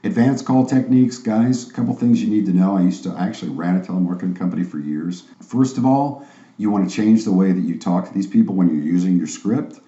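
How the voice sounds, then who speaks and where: A man's voice: deep voice, fast, mellow. A confident, emphatic man teaching a sales training course in a salesy manner. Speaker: online course instructor. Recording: roomy, slightly dull sound.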